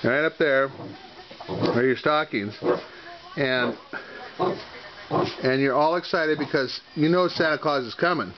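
A man's voice: medium pitch, measured pace, pauses often. A man talking to his pet dogs in playful, coaxing baby talk on a home video. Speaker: dog owner filming his pets. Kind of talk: home video chatter to pets. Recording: muffled home video with background noise.

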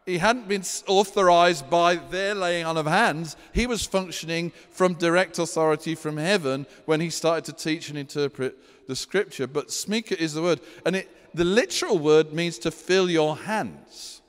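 A man delivers a sermon from the front of a church, animated and storytelling as he walks through scripture. His voice sits a little high for a man, and the hall around him rings with a long, lingering reverb. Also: moderate pace, hardly any pauses. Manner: animated preacher, acts out scripture scenes in a high panicky voice. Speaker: pastor.

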